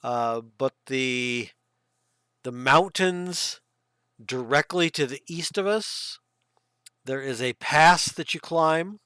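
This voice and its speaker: A man voicing a hospitable male barbarian village chief who speaks loudly with hesitant fillers. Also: medium pitch, takes it slowly, clear, resonant tone, no echo. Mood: welcoming.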